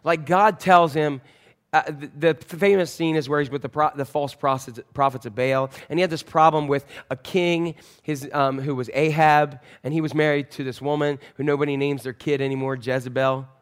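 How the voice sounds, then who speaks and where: On a wireless mic in church, a male pastor tells a Bible story during his sermon, jokey, self-mocking and animated. His voice is fairly high and smooth, with a moderate pace.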